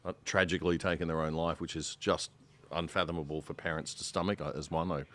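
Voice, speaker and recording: A man on a discussion panel, speaking earnestly and growing heated, going quiet on grave points. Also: very deep voice, little pitch movement, fast talker. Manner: earnest, heated, drops soft on sad points. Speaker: panel guest, show host.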